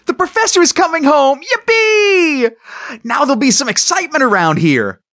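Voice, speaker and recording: A man voicing an eager, restless young boy inventor in an audiobook, with excited, whining bursts. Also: fairly high pitch, measured pace, husky, no echo, clean studio sound, heavily acted.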